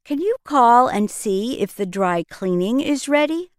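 A woman reads example phrases and single words for a language lesson, slowly and with deliberate articulation. Her pitch moves widely from word to word, and the sound is dry and close to the mic. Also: expressive, no room sound. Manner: deliberate, slow, carefully articulated example reading. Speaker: example sentence reader. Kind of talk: reading example words and sentences.

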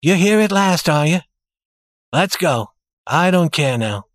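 A calm young safecracker, a bit raised in pitch, quietly in command, as a male storyteller puts him on. The sound is dry and close to the mic. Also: unhurried, dry recording. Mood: resigned.

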